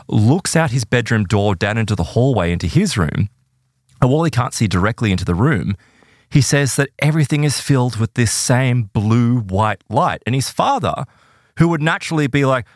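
A man telling an eerie true story in a casual podcast chat, animated and full of "right?" and "like". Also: medium pitch, moderate pace, dry recording, clean studio sound.

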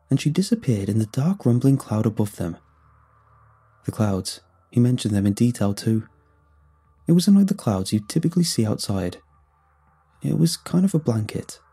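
Low, husky male horror narrator. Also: dark tone. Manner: measured, storytelling. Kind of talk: first-person horror story narration. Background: faint music.

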